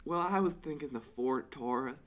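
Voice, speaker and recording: A man's voice: mid-range voice, normal speed, lightly acted. A man improvising a fussy, eager female ad employee in a comedy sketch.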